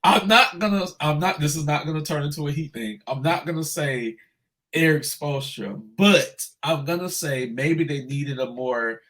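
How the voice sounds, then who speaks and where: A man co-hosting a casual sports podcast, animated and profane, ranting loudly when upset. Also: on the high side, moderate pace. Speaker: podcast co-host.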